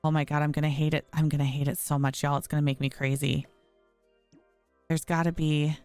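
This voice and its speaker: A woman's voice: sits low, level tone, fairly quick, darkish tone, clear, resonant tone, no room sound, faint music behind. A woman streamer chatting casually through a home-building game, often exasperated and talking to her viewers. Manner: chatty, frustrated, talks to viewers as y'all. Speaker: gaming streamer. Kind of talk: casual gameplay commentary.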